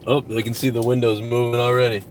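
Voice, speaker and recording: A man's voice: mid-range voice, level tone, fast, a little mellow, a little hiss or hum. A man hosting a casual live stream outdoors at home, talking loosely and profanely while reading out viewer donations. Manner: rambling, profane, reads out donations.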